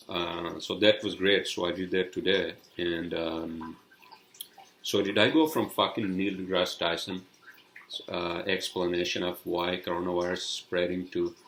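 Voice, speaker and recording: A man's voice: sits low, creaky, a bit bright, low-quality recording. A man hosting a solo podcast, telling a story in a rambling, profane way with many fillers and restarts. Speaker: podcast host. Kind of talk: casual solo podcast monologue.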